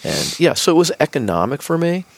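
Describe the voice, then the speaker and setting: A man's voice: fairly high pitch, fairly quick, creaky, no room sound. A man appearing as a guest on a podcast, telling a personal story in casual chat and acting out the lines of the people in it. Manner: animated storyteller acting out quoted dialogue. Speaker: podcast guest, business executive.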